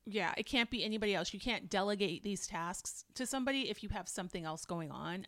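A chatty woman co-host recapping in casual talk, agreeable and easy to laugh. Her voice sits at a middling pitch. The sound is dry and close, with no room around it. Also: fairly quick, few pauses, fairly bright tone, dry recording. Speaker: podcast co-host.

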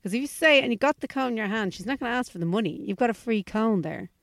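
An Irish woman bantering on a podcast, quick to cut in and easy with a laugh and a swear. Her voice sits a little on the high side. The recording is dry and close, with no room sound. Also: lively intonation, fairly bright tone, no room sound. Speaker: podcast co-host. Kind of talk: casual chat.

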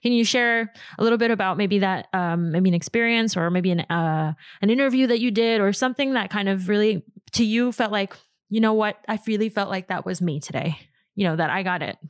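A woman's voice: mid-range voice, fairly quick, clean tone, dry recording, studio quality. A woman hosting an interview podcast, asking thoughtful questions and affirming her guest with casual fillers. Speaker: podcast host.

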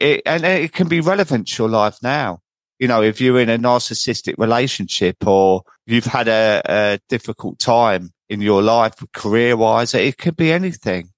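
A man's voice: fairly low pitch, no echo. A man hosting a podcast interview who talks in an affirming, chatty way, often restarting and adding tag questions. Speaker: podcast host and sobriety coach. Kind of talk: conversational interview.

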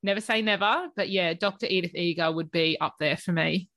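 A woman's voice: fairly low pitch, fairly quick, a bit bright. A woman co-hosting a podcast in casual chat, emotional and prone to giggling fits. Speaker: podcast co-host.

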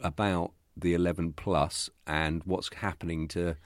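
Man, British, lowish voice, casual podcast chat, enthusiastic, laughs often. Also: little pitch movement, a little slow, dry recording, studio quality. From Britain. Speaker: podcast co-host.

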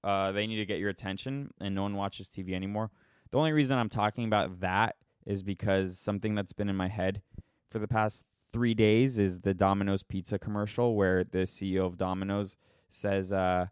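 A man's voice: on the low side, fairly even intonation, fairly quick, clean tone, no room sound, studio quality. A man ranting casually to his viewers, sarcastic and rambling, poking fun at himself. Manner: sarcastic, rambling, self-mocking. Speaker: vlogger. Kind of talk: casual opinion rant.

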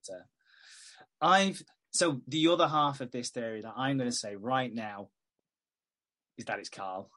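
A man's voice: mid-range voice, moderate pace, long pauses, pushed and bright. A man on a casual podcast, swearing often and laughing easily as he retells a soap episode and acts out its characters' lines. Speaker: podcast host. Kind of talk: casual chat, recapping a soap.

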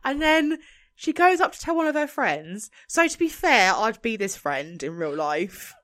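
A woman's voice: on the high side, very animated, unhurried, a bit bright. A woman co-hosting a casual podcast, ranting about a film with sarcastic, sweary exasperation. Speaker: podcast co-host.

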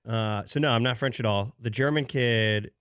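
A young man on a casual show, telling stories in a relaxed way and laughing often. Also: mid-range voice, moderate pace, clean tone, dry recording, studio quality. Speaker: show regular. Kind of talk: casual chat.

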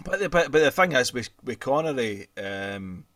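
A man's voice: medium pitch, very animated, moderate pace, a bit bright, no room sound. A Scottish man in casual chat, telling stories with laughs and plenty of swearing.

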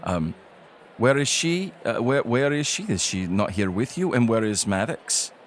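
A man's voice: mid-range voice, animated, a little slow, slight background noise, natural voice. A man voicing a fretful dwarf king and fond father who talks hesitantly, full of ums and uhs. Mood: flustered.

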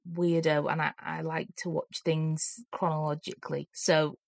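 A woman co-hosting a casual chat, self-deprecating and quick to laugh. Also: low voice, little pitch movement, creaky, no echo, studio quality. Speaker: podcast co-host.

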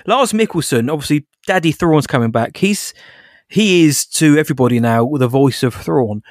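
A man's voice: a little high, animated, moderate pace, no echo, studio quality. A man co-hosting a podcast in casual chat, upbeat and jokey, asking his co-host questions.

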